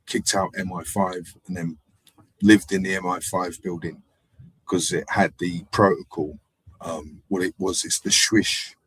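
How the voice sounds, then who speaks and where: A man hosting a live stream, telling rambling, animated anecdotes in casual street slang. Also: low-pitched, slightly rough, dry recording. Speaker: livestream host. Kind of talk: casual livestream storytelling.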